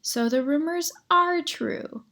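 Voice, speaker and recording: A woman's voice: sits high, takes it slowly, bright, forceful tone, voice pushed up, exaggerated voice. A woman voicing a young, bossy female bear in a storybook, sarcastic and mocking.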